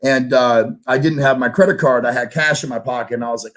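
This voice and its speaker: A man, a guest sales trainer, telling a story in a casual interview, animated and swearing casually as he acts out dialogue. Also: mid-range voice, quick pace, hardly any pauses.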